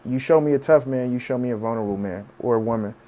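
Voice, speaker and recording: A man's voice: mid-range voice, quick pace, warm tone. Encouraging male podcast host. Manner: encouraging, coach-like. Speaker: podcast host and life coach. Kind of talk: conversational interview.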